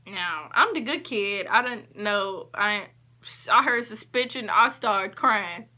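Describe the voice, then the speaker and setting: A woman vlogger telling a story in a casual, emphatic way, acting out what people said and shifting between quick and drawn-out phrases. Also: medium pitch. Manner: emphatic, animated retelling with quoted dialogue.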